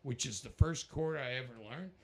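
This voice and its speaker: An American man, a rock musician, telling stories in a casual interview, animated and breaking into laughter and voices. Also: brisk. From United States. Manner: animated, jumps into high-pitched voices and laughs. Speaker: musician guest.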